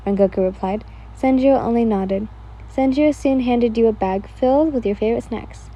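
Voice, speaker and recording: A woman's voice: on the high side, steady tone, moderate pace, mellow. A woman casually reading a listener-insert fan fiction story aloud, stumbling and restarting now and then. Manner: reads casually, with slips and restarts.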